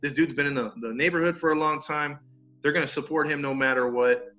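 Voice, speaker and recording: A man spins a casual story for his listeners, acting out the neighbors he quotes with a few mild curses. His voice is bright and forceful and sits a little high. The recording is dull and lo-fi, with faint music underneath. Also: fairly quick. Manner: animated, acts out quoted neighbors, mild cursing. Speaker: podcast storyteller.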